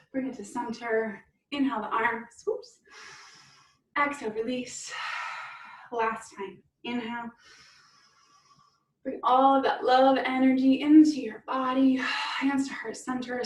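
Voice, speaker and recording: A woman's voice: fairly high pitch, flat delivery, slow, pauses often, reverberant, far from the mic, poor audio. A woman fitness instructor leading an online cool-down and stretch class, encouraging and upbeat, laughing often. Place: room at home on a video call.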